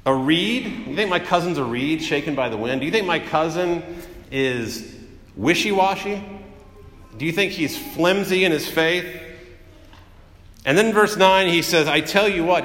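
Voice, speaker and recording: A man preaching a conversational sermon, acting out quotes as he tells stories. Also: on the high side. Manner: conversational, animated storytelling with acted-out quotes. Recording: echoey hall with long reverb.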